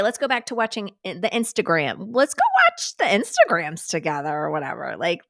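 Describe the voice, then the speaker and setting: A woman's voice: medium pitch, a bit bright, no room sound, studio quality. A woman hosting a live stream, chatting casually, giggling and swearing freely as she reacts to clips. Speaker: host.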